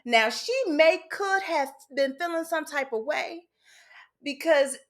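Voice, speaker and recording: A woman's voice: high-pitched, expressive, takes it slowly, a bit bright. A woman host telling a candid personal story from her childhood, casual and frank, with some swearing. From United States. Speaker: podcast host.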